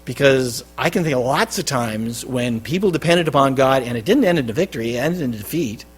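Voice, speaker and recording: A man preaching a sermon as pastor, with loud stressed phrases that drop to quiet endings. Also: medium pitch, animated, fairly quick, husky. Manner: emphatic, swinging between loud stresses and quiet drops. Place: church.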